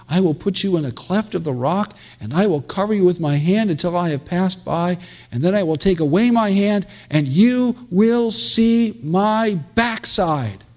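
A man's voice: a little high, a little mellow. A middle-aged man from the United States giving a classroom theology lecture, emphatic, with many fillers and restarts and dramatic quoting.

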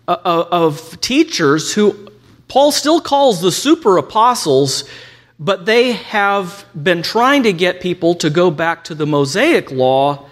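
A man's voice: a little high, a bit bright. A man teaching a lecture on scripture, reading quotations aloud and adding ironic asides. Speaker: Bible teacher.

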